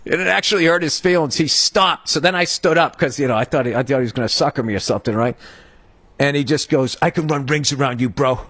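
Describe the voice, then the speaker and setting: A middle-aged American man rants through a comic story on his podcast, heated and swearing freely as he goes. His voice sits a touch high for a man. It is close and dry on a studio mic with no room sound. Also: fast talker, dry recording. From United States. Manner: profane, heated, animated ranting. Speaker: podcast host. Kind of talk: comedic storytelling rant.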